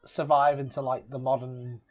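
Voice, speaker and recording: A man's voice: medium pitch, flat delivery, normal speed, darkish tone, soft background music. A man co-hosting a casual movie commentary, blunt, dry and grumbling. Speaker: co-host of a film commentary.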